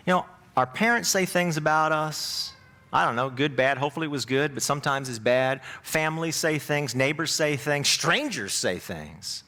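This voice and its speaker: A man pastor delivering a sermon, telling the story dramatically and moving between raised emphatic lines and hushed, low asides. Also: lively intonation, normal speed. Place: church.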